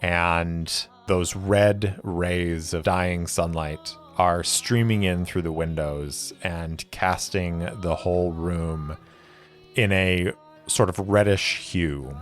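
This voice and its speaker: A man narrating a solo tabletop role-play as game master, in a measured, deliberate storytelling manner. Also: sits low, steady tone. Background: faint music.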